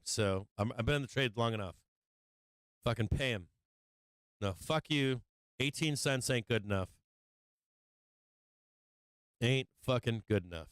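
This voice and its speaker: Male trading-stream host, casual and rambling, profane venting, smooth voice, dry close sound. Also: mid-range voice, normal speed, dry recording, rough recording. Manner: profane, venting frustration, laughing at himself; rambling with fillers and restarts. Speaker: livestream stock trading host. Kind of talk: casual live-stream market talk.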